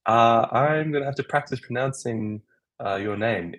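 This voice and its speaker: A man's voice: medium pitch, animated, slow pace, a bit bright, poor audio. A man, a doctor, answering viewer questions in a loose, thinking-aloud livestream chat.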